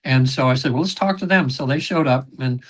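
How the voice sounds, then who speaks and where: A man guest on a podcast, telling long rambling stories about his sessions, with many fillers, throat clearing and quoted voices. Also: mid-range voice, a little fast, fairly bright tone. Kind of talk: casual interview storytelling.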